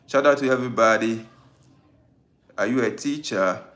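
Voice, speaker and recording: A man hosting a spiritual live stream in casual talk. He speaks in an unhurried way, greets viewers by name and repeats phrases. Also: mid-range voice, fairly bright tone.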